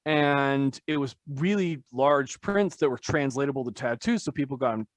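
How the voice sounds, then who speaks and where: A man's voice: medium pitch, normal speed, no echo. Rambling man with a dry, close voice. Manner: rambling, filler-heavy, self-deprecating. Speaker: tattoo artist guest. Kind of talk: casual podcast conversation.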